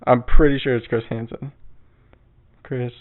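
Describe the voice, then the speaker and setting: A man's voice: mid-range voice, normal speed. Young male podcaster, casual rambling monologue, cussing, tinny phone-like sound. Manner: rambling, profane, laughs at himself. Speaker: podcast host.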